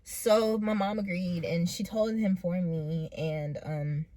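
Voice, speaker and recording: A young woman in her late teens speaks in a low voice into her camera mic, telling her own story. She talks haltingly, with pauses and fillers, and sounds earnest and close to tears. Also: steady tone, mellow, dry recording. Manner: hesitant, full of pauses and "like" fillers. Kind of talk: personal storytelling.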